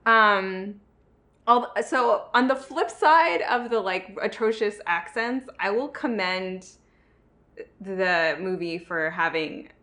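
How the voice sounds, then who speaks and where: A woman's voice: mid-range voice, lively intonation, slow, bright, forceful tone. Chatty woman co-hosting a film podcast. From northern United States. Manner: frank, chatty, many fillers and restarts. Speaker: podcast co-host. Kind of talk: casual film discussion.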